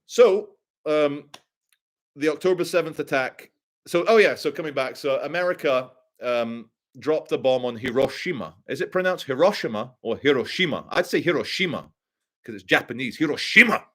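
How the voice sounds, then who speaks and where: A man's voice: medium pitch, moderate pace. A man giving loose, crude commentary on a live stream, reading out donations and chat as he goes. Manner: crude, rambling, animated storytelling.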